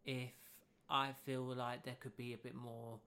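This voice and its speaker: A man's voice: medium pitch, level tone, pushed and bright, clean tone. A young man from England, a podcast guest chatting in a camp, cheeky way. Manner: camp, cheeky, quick to laugh. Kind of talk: casual chat.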